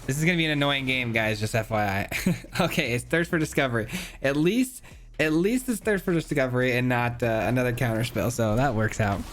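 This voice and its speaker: A man's voice: mid-range voice, a little fast, fairly bright tone, a little hiss or hum. A man giving casual, chatty commentary on his own gameplay, thinking aloud with many filler words. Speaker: gaming YouTuber.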